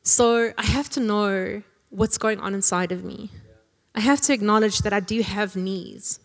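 With long hall reverb around her, a woman preaches a sermon in a chatty, conversational style, often ending lines with tag questions and joking with laughs. Her voice is medium-pitched and measured.

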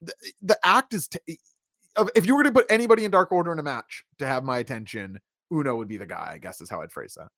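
A man with a fairly high voice that swings up and down a lot, chatting about wrestling. He rambles and corrects himself mid-sentence. The recording is dry and close. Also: lively intonation, fast, a bit bright, dry recording. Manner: rambling, self-correcting, laughs often. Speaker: wrestling podcast co-host. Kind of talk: casual recap chat.

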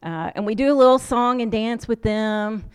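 In a conversational lecture, a social work professor from the United States shares a travel story, imitating the people she quotes with lively voices. Her tone is clean and a little high, at a moderate pace.

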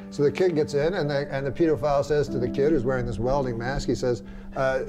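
A man telling a long, meandering joke in a dry, deadpan way. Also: medium pitch, quick pace. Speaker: comedian. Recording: music playing underneath. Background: music.

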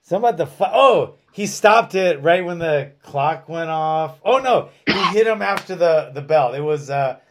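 Slightly high guy, excitable, swears a lot, casual chat. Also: moderate pace, few pauses.

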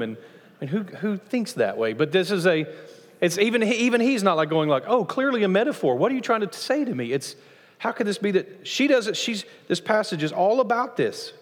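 Animated pastor guy preaching, kinda high voice, big church echo. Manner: animated, acts out quoted voices with rising pitch. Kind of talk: sermon. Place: church sanctuary. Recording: long church reverb.

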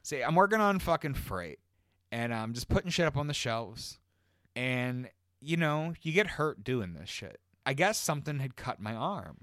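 A man's voice: medium pitch, moderate pace, no room sound, studio quality. A man co-hosting a casual podcast, telling a long story in a rambling, profane way. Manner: profane, rambling, animated retelling. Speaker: podcast co-host.

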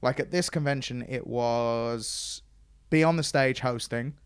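A man telling convention stories in casual chat, acting out quoted lines in a higher voice. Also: a little slow, smooth, no room sound, clean studio sound. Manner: chatty storyteller, acts out quotes in a higher voice. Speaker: podcast host and stage host.

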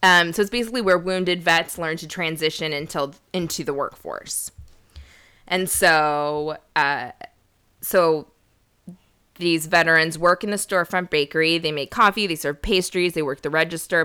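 A woman with a bright, crisp voice that sits a little low for her, chatting casually as a comedy podcast co-host. She rambles through a story with fillers and jokes around easily. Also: moderate pace. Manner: rambling, laughs a lot, jokey. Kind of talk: casual chat.

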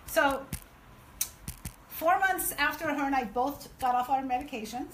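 A woman guest on a podcast, telling her story casually and acting out dialogue in a lively way. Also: high-pitched, unhurried, a little hiss or hum, rough recording. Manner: lively, acts out quoted dialogue.

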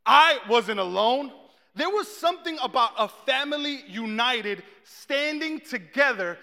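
Male preacher, high and bright, animated storyteller who acts out his quotes; long hall reverb. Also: unhurried, gravelly. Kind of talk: storytelling sermon.

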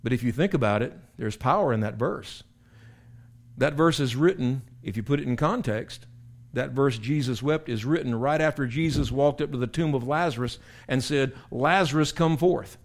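A man's voice: mid-range voice, moderate pace. An older male pastor teaches scripture in a plain, everyday speaking voice. He talks conversationally but with emphasis, circling back and repeating his phrases as he explains verses. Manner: conversational and emphatic, with frequent repetitions and restarts. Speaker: pastor teaching a Bible study. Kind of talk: sermon-style Bible teaching.

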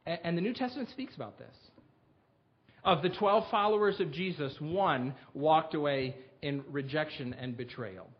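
A pastor with a fairly high voice preaches a sermon at a moderate pace, speaking earnestly and directly to his congregation. He reads scripture aloud with building emphasis, and the recording sounds muffled.

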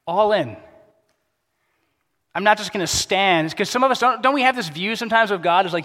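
A pastor preaching a sermon in a casual, conversational way, dropping to a soft, quiet voice for emphasis. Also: male voice, high-pitched, brisk. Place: church sanctuary. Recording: long hall reverb.

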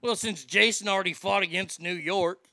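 A man's voice: high voice, normal speed, gravelly, bright, forceful tone, no room sound, studio quality. A man ranting casually and profanely about movies while reading out listener comments. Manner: swearing, exasperated ranting.

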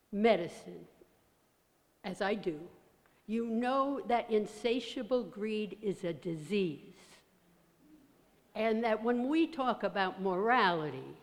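A woman in the audience at a public talk asking a question, insistent and persistent. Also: medium pitch. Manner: insistent, persistent, keeps the floor. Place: large church hall. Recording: reverberant church hall.

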